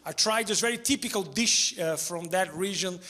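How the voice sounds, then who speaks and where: A man doing stand-up comedy, deadpan and chuckling at his own jokes, on a stage mic. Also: high-pitched, normal speed. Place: theater stage before a live audience. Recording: live show with crowd laughter. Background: audience laughter.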